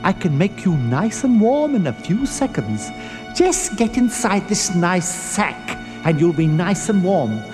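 A man voicing a wicked old witch in a storybook, with a high shrieking cackle. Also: big pitch swings, measured pace. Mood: sweet luring. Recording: reverberant with music behind.

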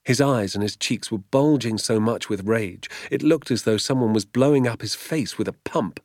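A man reading a children's novel aloud as an audiobook, with measured, vivid storytelling. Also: mid-range voice, darkish tone, no room sound, studio quality. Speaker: audiobook reader. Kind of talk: audiobook narration.

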